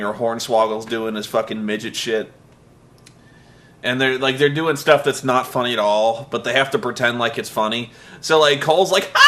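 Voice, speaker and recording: A man reviewing a wrestling show goes on an exasperated, profane comedic rant, mocking what he watched and swearing heavily. His mid-range voice is a bit bright.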